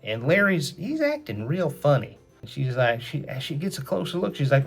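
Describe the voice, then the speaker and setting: Gentle chatty man telling a kids' story. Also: a little high, sing-song, normal speed, gravelly, faint music behind.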